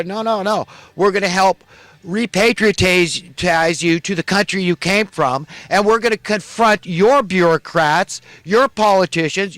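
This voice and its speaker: A man with a high-pitched voice delivers a heated, indignant rant, hammering his points with repetition. The sound is dry and close, with no room around it. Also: a bit bright, dry recording. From California. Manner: ranting, indignant, repetitive emphasis. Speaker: preacher ranting to viewers. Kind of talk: impassioned monologue.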